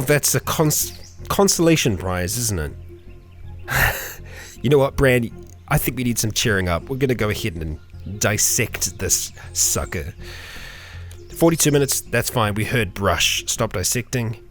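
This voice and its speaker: A man's voice: mid-range voice, animated, a little slow, pauses often, soft background music. A young man hosting a let's play, chatting casually through the game and talking to the characters on screen. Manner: chatty, talks to game characters, bursts into mock fury and laughter.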